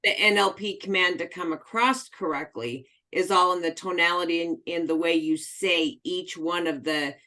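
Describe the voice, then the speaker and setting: A woman's voice: on the low side, normal speed, hardly any pauses, pushed and bright. A woman taking part in a coaching video call who adds brief, agreeable remarks. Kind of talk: casual chat on a video call.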